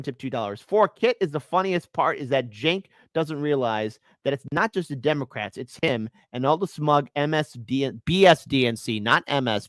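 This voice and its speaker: A man's voice: mid-range voice, no room sound. A man hosting a live political stream, his voice swinging widely up and down as he reacts. He reads out donations and jeers at clips in a dry, close-miked sound with no room around it. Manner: animated, mocking, reads donations aloud. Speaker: livestream host.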